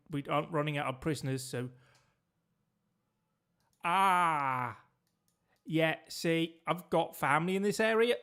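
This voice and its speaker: A man's voice: on the high side, fairly bright tone, clear, resonant tone. Chatty man, joking. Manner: chatty, joking, talks to viewers. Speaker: streamer. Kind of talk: casual gameplay commentary.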